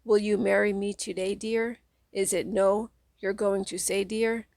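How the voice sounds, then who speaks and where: A woman's voice: mid-range voice, flat delivery, a little slow, gravelly, a little mellow, dry recording. Storybook poem: lovesick male turtle, tender and pleading, voiced by a woman, dry close sound.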